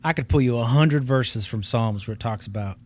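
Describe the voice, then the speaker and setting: A man's voice: medium pitch, a little fast. A man from the Dust Bowl region of the US, a guest on a podcast, making wry jokes in casual chat. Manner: wry joker. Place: recording studio.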